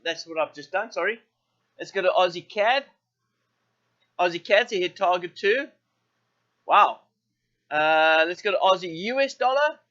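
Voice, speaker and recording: A man hosting a live trading show, thinking aloud through currency charts with many fillers and quick self-corrections. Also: sits high, animated, bright, forceful tone, lo-fi sound. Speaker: forex trading show host. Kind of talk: live market walkthrough.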